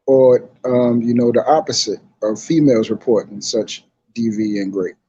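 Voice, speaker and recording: A man with a dark, mellow voice asks questions slowly on a live panel. He halts often, padding with uh and um. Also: medium pitch, fairly even intonation, breathy edge, lo-fi sound. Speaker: panel participant.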